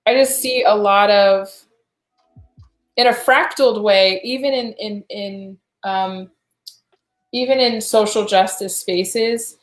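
A woman with a mid-pitched voice co-hosting a podcast. She talks through ideas in a thoughtful, rambling way. The sound has a roomy echo. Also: steady tone, slow. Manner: thoughtful, rambling, with fillers and restarts. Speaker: podcast co-host. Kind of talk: casual podcast chat.

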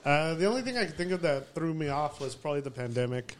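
A man recalling a family memory in casual group chat, measured and reflective. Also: a little high, expressive, slight background noise. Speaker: podcast guest, father.

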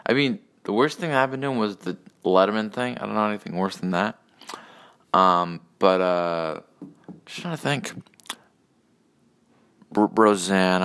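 A man's voice: low voice, fairly bright tone, clear, resonant tone. Profane rambling man ranting solo. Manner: profane, rambling, sarcastic, with restarts and asides. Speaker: podcast host.

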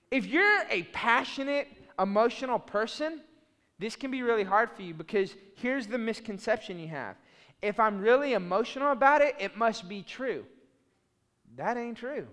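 A pastor preaching a sermon, passionate and fired up, swinging from loud bursts to soft, low asides. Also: male voice, lively intonation, moderate pace, long reverb tail.

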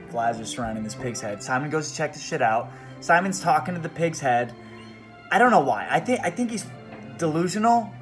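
A man's voice: mid-range voice, normal speed, music in the background. A man hosting a podcast, giving a profane, rambling, comedic book report. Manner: profane, rambling, animated retelling. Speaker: podcast host.

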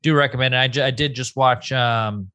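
Bright-voiced man chatting offhandedly. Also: mid-range voice, steady tone, brisk. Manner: offhand, chatty reviewer, swears casually. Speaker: podcast co-host. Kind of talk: casual chat.

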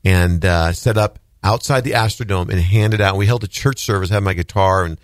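Low-voiced male radio host. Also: moderate pace. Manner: warmly encouraging, brief affirmations. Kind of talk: casual radio interview.

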